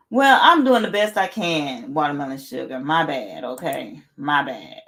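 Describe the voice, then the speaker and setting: A woman's voice: sits low, animated, takes it slowly, a bit bright. Blunt, laughing woman livestream host. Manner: blunt, laughs often, repeats herself, swears casually. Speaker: livestream host reading chat. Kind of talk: casual livestream chat.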